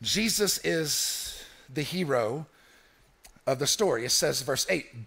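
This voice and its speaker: High, gravelly, bright-voiced pastor preaching. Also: male voice, animated, slow. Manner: emphatic, repetitive, asks the congregation to answer. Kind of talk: sermon. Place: church.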